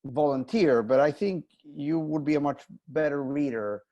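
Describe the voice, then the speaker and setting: A theater director hosting a panel over a video call, talking in a halting way with many fillers and restarts. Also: male voice, a little high, warm tone, highs cut off. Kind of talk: casual video-call chat.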